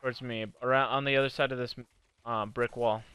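A man calls out directions and warnings while playing a video game with his girlfriend. His voice is bright and smooth, and his tone is excitable and a little bossy. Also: medium pitch, a little fast, no echo. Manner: bossy, excitable coaching, swears. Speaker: gaming channel host. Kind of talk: casual gameplay commentary.

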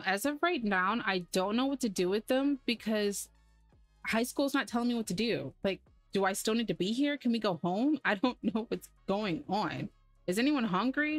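Woman gamer host, mid pitch, close and dry, faint music behind; chatty, sarcastic running commentary. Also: no echo. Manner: chatty, sarcastic, easily exasperated. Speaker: gaming channel host. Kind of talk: casual gameplay commentary.

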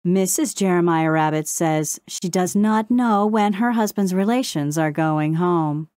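A woman's voice: lowish voice, a little slow, a little mellow, no echo, studio quality, natural voice. A woman voicing a fussy male crow who reads out the news in a sing-song, clipped delivery. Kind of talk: audiobook character voice.

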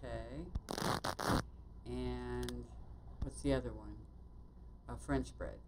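A woman playing a bakery shop game, muttering to herself as she works, with quick exclamations and mild swearing. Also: a bass voice, steady tone, very noisy. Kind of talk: casual let's-play commentary.

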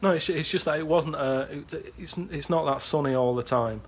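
Guy in casual chat stumbling over his words, keeps restarting. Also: on the high side. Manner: halting, repeats words while explaining. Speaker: podcast regular.

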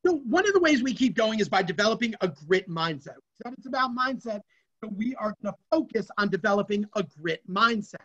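An emphatic speaker with a bright, forceful voice leads a motivational workshop for students. The audio has the slightly dull sound of an online video session, and the speaker's voice sits at a middle pitch. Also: fairly quick. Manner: energetic and emphatic. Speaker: workshop presenter.

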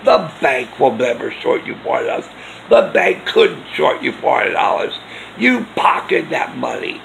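A man imitating his ex-wife as a tearful woman accusing him of stealing, in a shrill voice. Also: big pitch swings, a little slow, gravelly, fairly bright tone, a little hiss or hum, exaggerated voice, rough recording.

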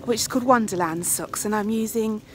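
A woman's voice: mid-range voice, brisk, noisy background. Chatty English woman vlogging. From England. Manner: chatty, drops to whispers. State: out of breath. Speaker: podcast host. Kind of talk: casual walking vlog. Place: outdoors on a walk, then indoors. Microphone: phone held at arm's length.

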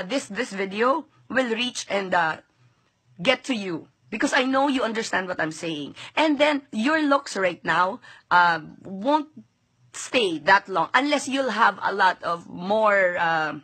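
Indignant Filipino-accented woman, bright husky voice. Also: mid-range voice. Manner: indignant, sarcastic, switching between English and Tagalog. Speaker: vlogger. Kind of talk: angry direct-to-camera rant.

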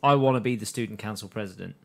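A man's voice: fairly low pitch, fast talker, gravelly. A man co-hosting a casual podcast, recapping episodes and laughing often. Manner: laughs often, recaps scenes with quoted lines. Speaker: podcast co-host recapping an anime.

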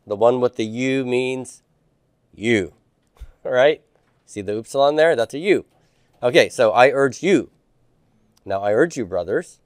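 Smooth-voiced man teaching Greek. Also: medium pitch, animated, unhurried, long pauses, no room sound, clean studio sound. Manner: quizzing students with questions, patient. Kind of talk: classroom homework review.

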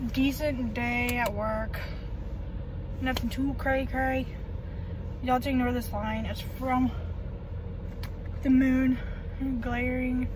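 A woman chatting casually through a daily vlog, rambling with lots of ums, talking while she drives her car. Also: sits high. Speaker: vlogger. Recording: loud car engine noise. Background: car and road noise.

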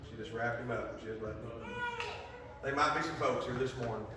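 A man preaching a sermon, telling a story with passion and dropping to a hushed voice. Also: medium pitch, brisk, noisy background. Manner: impassioned storytelling, swings from loud to hushed. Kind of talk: sermon with altar call. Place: church sanctuary. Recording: echoey church hall, distant mic.

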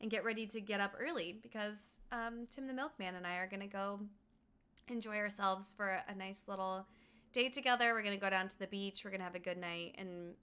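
A young woman from Colorado chatting casually and quickly while streaming a game, reading out chat and humming along. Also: mid-range voice, steady tone, pushed and bright, smooth. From Colorado, USA. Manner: fast-talking, chatty, reads chat aloud, hums along.

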